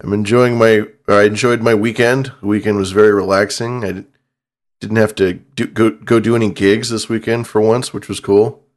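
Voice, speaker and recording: A man co-hosting a podcast in casual chat, mellow and encouraging. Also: on the low side, fairly even intonation, normal speed. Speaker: podcast co-host.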